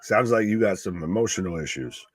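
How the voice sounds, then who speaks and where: A man's voice: sits low, animated, brisk, no echo, studio quality. A man co-hosting a wrestling live stream in casual chat, sarcastic and joking.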